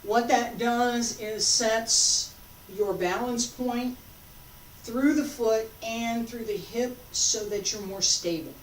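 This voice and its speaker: A woman teaching a qigong class, calmly giving breathing and movement cues. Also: a little high, slow. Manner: calm, guiding cues paced to breathing. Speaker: qigong instructor. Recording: echoey room, distant mic, faint noise.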